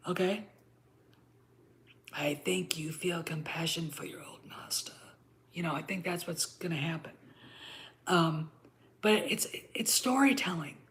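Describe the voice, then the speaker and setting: A middle-aged woman hosting her own channel, ranting bluntly with frequent swearing and repeated "okay?" checks. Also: medium pitch. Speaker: channel host. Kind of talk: ranting commentary to camera.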